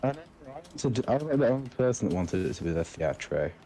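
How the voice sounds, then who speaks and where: A man's voice: medium pitch, sing-song, fairly quick, dark tone, faint music behind. A man chatting playfully with friends while building in a game. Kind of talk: casual gaming chat.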